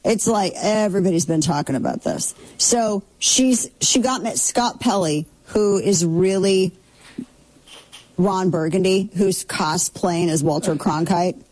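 A woman's voice: lowish voice, measured pace, darkish tone, poor audio. A middle-aged woman hosting a casual commentary show, talking in a sarcastic, opinionated way with mocking asides.

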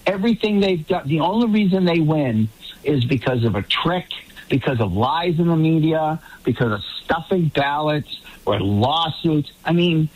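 A man's voice: a little high, lively intonation, moderate pace, low-quality recording. A man from the Boston area who has lost his accent, speaking as a political commentator on a panel, rambling and restarting sentences. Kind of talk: panel discussion.

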